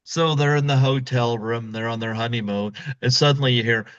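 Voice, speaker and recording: A male podcast host in casual conversation, retelling a film with animated storytelling and acted-out quotes. His voice sits mid-range, and the recording is dull and lo-fi. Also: medium pitch, brisk, smooth.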